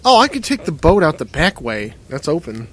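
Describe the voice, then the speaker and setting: A man's voice: fairly high pitch, very animated, moderate pace, a bit bright, slight background noise. A man giving casual let's-play commentary while he plays, swearing a lot and swinging between muttering and frustrated outbursts. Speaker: gamer playing a game.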